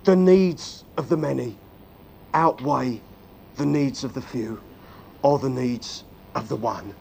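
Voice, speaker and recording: A preacher quoting a calm dying alien officer. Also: male voice, medium pitch, slow pace, creaky, slight background noise, voice pushed down. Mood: solemn.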